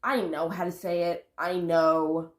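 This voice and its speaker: In a roomy-sounding space, a woman with a lowish voice speaks at a measured pace with flat delivery. She vlogs casually about spiritual growth, meandering, self-correcting, and letting out sighs and laughs.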